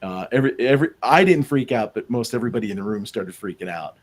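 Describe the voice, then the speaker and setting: A man's voice: on the low side, lively intonation, fast. A man who investigates the paranormal, telling rambling anecdotes in a casual podcast chat, with many restarts. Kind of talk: casual storytelling in a podcast interview.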